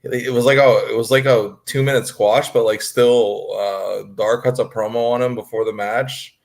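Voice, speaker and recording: A man co-hosting a podcast, chatting about wrestling in a relaxed, hedging way with lots of fillers. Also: mid-range voice, moderate pace, gravelly. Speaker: podcast co-host. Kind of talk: casual wrestling chat.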